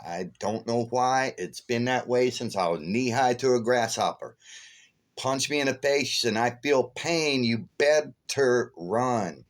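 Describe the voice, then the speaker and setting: A man rambles through a casual vlog story, swearing freely and jumping up loud and sharp when he relives an argument. His voice sits at an ordinary middle pitch for a man. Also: measured pace. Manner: profane, rambling, animated storyteller who flares loud when retelling anger. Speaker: vlogger.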